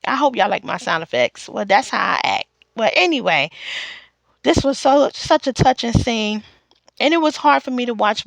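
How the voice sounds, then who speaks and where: A woman's voice: mid-range voice, gravelly, fairly bright tone, no room sound. A woman recapping and reviewing a TV episode in a casual, chatty way, acting out the characters' lines as she goes.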